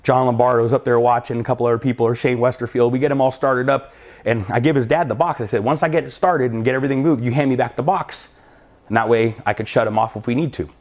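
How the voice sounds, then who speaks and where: A man's voice: medium pitch, fast talker, darkish tone. A middle-aged man casually telling a drag racing story, acting out both sides of the dialogue as he goes. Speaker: drag racing school owner and crew chief.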